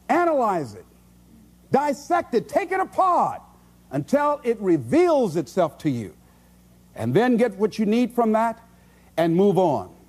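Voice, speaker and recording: A man's voice: sits high, a little mellow. A man giving a motivational speech, emphatic and preacherly, driving points home with repetition. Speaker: motivational speaker.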